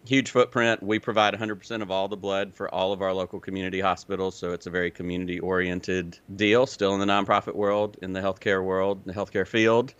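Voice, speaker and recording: A man in his forties with a mixed Southern US and Midwestern accent, telling his story as a podcast guest in a relaxed, clearly enunciated way. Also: low-pitched, brisk, hardly any pauses, highs cut off. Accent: Southern US with a Midwestern touch. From Illinois, raised in Alabama. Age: 40s. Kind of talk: casual interview chat.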